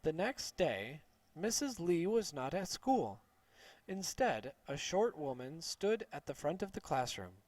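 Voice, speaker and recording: Slow, expressive male storyteller. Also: on the high side, no room sound. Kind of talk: storybook read-aloud for English learners.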